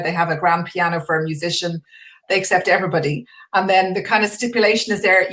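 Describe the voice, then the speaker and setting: A woman's voice: on the low side, fairly bright tone. An Irish woman chatting casually as a guest on a live stream, enthusiastic and full of restarts. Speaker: guest artist.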